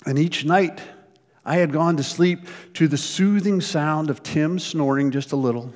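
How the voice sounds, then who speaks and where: A man preaching a sermon as pastor, telling stories in an animated way with frequent repeated words. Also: a little high, unhurried. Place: church. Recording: long reverb of a church hall.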